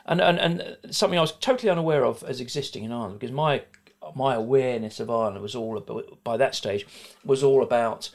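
Rambling South London man in his sixties. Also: medium pitch. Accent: middle-class South London. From South London, England. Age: 60s. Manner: rambling, frank, many fillers and restarts. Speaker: guest. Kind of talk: conversational interview.

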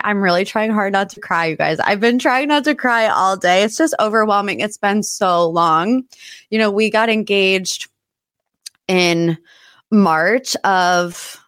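Woman in her 30s, US pop-culture podcast host, expressive pitch jumps, dry close mic. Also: dry recording. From United States. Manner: chatty and emotional, voice jumping high when excited. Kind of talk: casual solo podcast chat.

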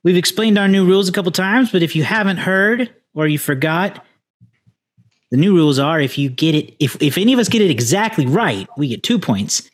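A man's voice: high-pitched, brisk. A man hosting a podcast in casual chat, upbeat and running the segments. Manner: lively, upbeat, runs the segments. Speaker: podcast co-host. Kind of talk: casual chat, reading reviews aloud.

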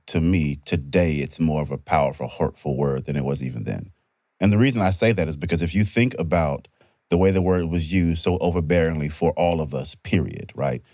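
A man's voice: a bass voice, darkish tone, no room sound. A man hosting a podcast in casual discussion, talking in an earnest, reflective way. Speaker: podcast host.

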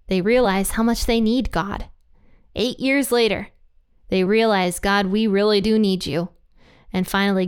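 A woman's voice: mid-range voice, clear, resonant tone. A woman giving a casual, conversational Bible study talk as the host of her channel, mixing scripture with personal stories. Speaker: Bible teacher.

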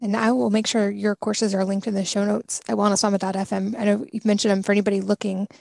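A woman hosting a podcast interview, brisk and friendly, matter-of-fact. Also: medium pitch, level tone, vocal fry, a little mellow, dry recording, clean studio sound. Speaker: podcast host.

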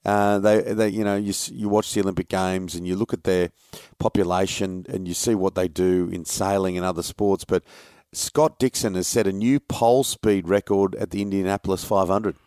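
Low-voiced sports podcast host. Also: male voice, fairly even intonation, moderate pace, darkish tone, clean tone, no echo, studio quality. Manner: conversational, leads the segments. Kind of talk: casual sports chat.

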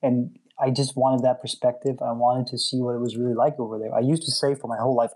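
A man's voice: mid-range voice, flat delivery, fast talker, few pauses, darkish tone, low-quality recording. A man from Denmark with a Danish accent, chatting casually and telling a rambling story, laughing often and swearing now and then. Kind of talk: casual chat.

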